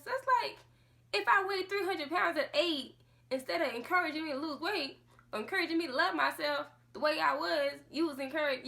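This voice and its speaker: A woman's voice: fairly high pitch, sharp tone. A woman vlogging a casual monologue to camera, speaking with passion and firing off rhetorical questions. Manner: impassioned, full of rhetorical questions.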